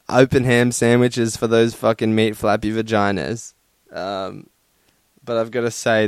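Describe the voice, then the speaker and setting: A man's voice: mid-range voice, vocal fry, smooth, no echo. A young man hosting a casual solo podcast from his room at home, swearing often, laughing and using lots of fillers while sunburnt and hot. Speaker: podcast host.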